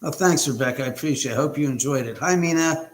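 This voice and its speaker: Speaking fast in a slightly high voice, a man runs a casual livestream from home through his laptop mic. He rambles on and greets viewers by name.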